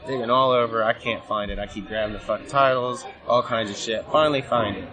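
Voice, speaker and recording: Profane, animated man over crowd noise. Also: medium pitch, a little fast. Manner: profane, animated storytelling, laughs often. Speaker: guest wrestler. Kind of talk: casual storytelling. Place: busy convention floor. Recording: noisy convention crowd. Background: crowd chatter.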